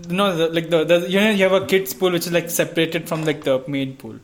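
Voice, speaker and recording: A man's voice: fairly high pitch, fairly quick. A young man from India, a podcast co-host, telling childhood stories in casual chat and laughing as he goes. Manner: animated storyteller, laughs while telling stories.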